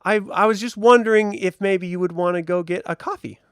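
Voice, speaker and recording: A woman's voice: medium pitch, brisk, smooth, no room sound, studio quality, pitched above the performer's own voice, lightly acted. A man voicing a cheerful, shy young woman shop assistant.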